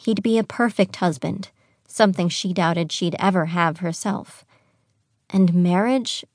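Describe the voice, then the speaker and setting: A woman's voice: fairly low pitch, unhurried, a little mellow, no echo. Woman narrating a storybook, dry and close. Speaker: audiobook narrator. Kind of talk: scripted audiobook narration. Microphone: close studio mic.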